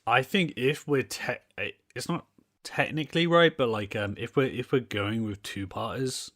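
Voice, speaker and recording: A man's voice: mid-range voice, measured pace, a bit bright. A man co-hosting a podcast, giving his thoughtful, laid-back opinions in casual chat. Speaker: podcast co-host.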